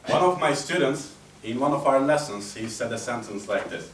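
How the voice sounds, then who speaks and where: A man giving a humorous speech at a speaking club, telling stories in a chatty, animated way. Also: mid-range voice, moderate pace. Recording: roomy echo, distant mic, faint hum.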